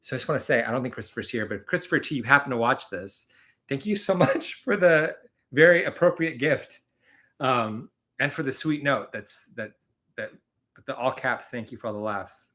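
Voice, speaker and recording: Bright, chatty man hosting a live stream. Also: mid-range voice, lively intonation, moderate pace. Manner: rambling, chatty, laughs often. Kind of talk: casual live-stream chat.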